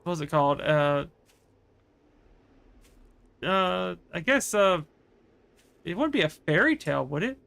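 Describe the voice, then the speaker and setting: A man's voice: high-pitched, expressive, a little slow, gravelly, pauses often, fairly bright tone. A man livestreaming a game, chatting casually and rambling through a story with many fillers. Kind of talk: casual chat while gaming.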